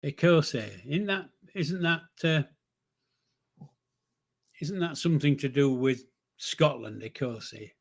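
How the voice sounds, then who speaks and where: Speaking slowly with vocal fry and frequent pauses, this fairly high-pitched older man from northern England runs a relaxed livestream. He rambles, jokes, and reads chat aloud, often using fillers and correcting himself.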